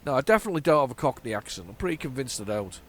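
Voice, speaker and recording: A middle-aged man from northern England with a flat northern accent, chatting casually while playing a driving game, rambling and restarting his sentences. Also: medium pitch, rapid-fire. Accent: flat northern English. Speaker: gaming channel host. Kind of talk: casual let's-play commentary.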